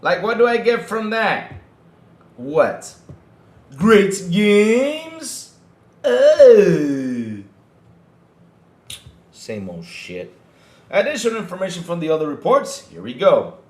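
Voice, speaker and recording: A man's voice: sits high, moderate pace, reverberant. A man hosting a gaming podcast, reading news aloud and reacting with mocking, profane commentary while talking to his chat. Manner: animated, mocking, swears, addresses chat. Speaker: podcast host.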